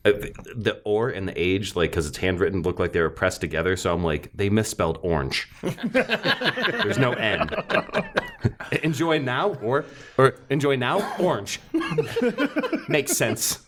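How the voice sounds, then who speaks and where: A man's voice: on the low side, big pitch swings, a little slow, a bit bright, a little hiss or hum. A man hosting a casual beer-tasting podcast, joking and swearing as he reads a label aloud. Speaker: podcast host.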